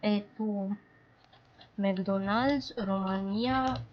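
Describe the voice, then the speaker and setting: A woman streaming casually to her chat as a VTuber. She talks excitably, jumping to sudden squeals and then dropping to soft mutters. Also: medium pitch, extremely slow, dull audio, slight background noise.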